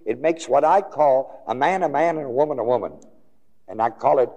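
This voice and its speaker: A male preacher delivering a sermon, quizzing listeners with questions and swinging from low murmurs to high, ringing exclamations. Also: a little fast, mellow. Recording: long hall reverb.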